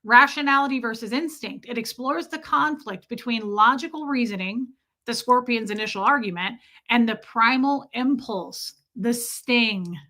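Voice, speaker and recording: A woman hosting a live stream, chatting casually and reflectively while answering viewer comments, slowing down to stress key phrases. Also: a little high, pushed and bright. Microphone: streaming mic.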